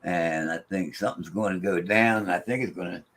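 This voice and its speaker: A man's voice: sits low, a little fast, fairly bright tone. A man, a paranormal investigator, chatting casually and rambling with frequent restarts. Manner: rambling, repeats and restarts words. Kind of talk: casual chat.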